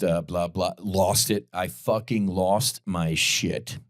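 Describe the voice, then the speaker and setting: A man's voice: low-pitched, steady tone, slow, no echo, studio quality. Blunt, profane male podcast host. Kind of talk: opinionated political commentary.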